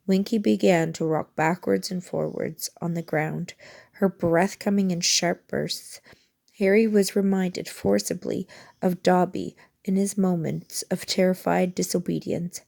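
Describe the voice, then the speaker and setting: A woman reading a novel aloud with steady storytelling. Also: lowish voice, unhurried, creaky. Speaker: audiobook reader.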